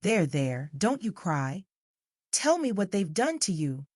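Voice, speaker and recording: A woman narrator voicing a haughty young upper-class lady who is quick-tempered, peremptory one moment and sugary-sweet the next. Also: medium pitch, big pitch swings, dry recording, studio quality, pitched above the performer's own voice. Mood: coaxing.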